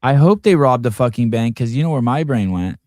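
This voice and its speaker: A man co-hosting a podcast in casual chat, teasing and deadpan. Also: mid-range voice, brisk, dry recording, studio quality.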